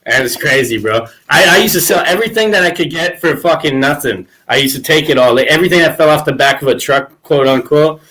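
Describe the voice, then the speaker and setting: A man's voice: a little high, fast, few pauses, pushed and bright, slight background noise. A man hosting a podcast, telling crude stories in casual chat and laughing often. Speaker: podcast host.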